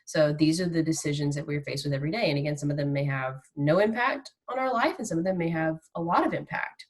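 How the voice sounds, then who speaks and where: A woman teaching a mindfulness lesson in a relaxed, conversational way, acting out everyday reactions as examples. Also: on the low side. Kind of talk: recorded classroom lesson.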